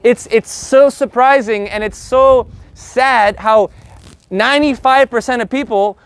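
A man teaching an energetic, joking online Spanish lesson, stretching words out slowly as he sounds them. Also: very high voice, smooth, dry recording. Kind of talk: lively online language lesson.

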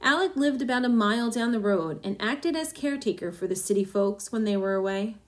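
A woman reading a short story aloud in a steady, measured narration. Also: on the high side. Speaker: story reader.

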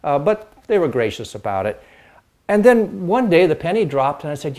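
A man's voice: fairly high pitch, very animated, normal speed, a little mellow. An older man from the Pacific Northwest reminiscing about his early music years, talking in a rambling way with fillers and restarts and stopping now and then to strum chords on an instrument. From Pacific Northwest, United States. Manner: demonstrates chords while talking. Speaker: host and dulcimer player. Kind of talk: casual reminiscing monologue.

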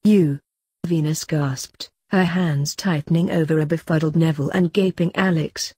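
A woman reads fanfiction aloud in a steady storytelling voice. Her tone is low and husky. The recording is dry and close. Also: normal speed, dry recording. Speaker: fanfiction reader.

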